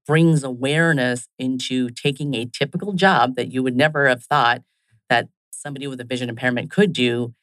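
A man's voice: mid-range voice, moderate pace, fairly bright tone, no echo, rough recording. A man being interviewed as a business leader, speaking in business phrases and leaning on "kind of" and "right?". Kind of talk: conversational interview.

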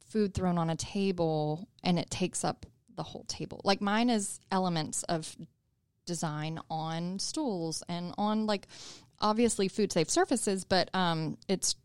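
A woman's voice: on the low side, unhurried, clear, resonant tone, no echo, clean studio sound. A woman, a small business owner, telling a story in a casual interview, chatty and full of fillers.

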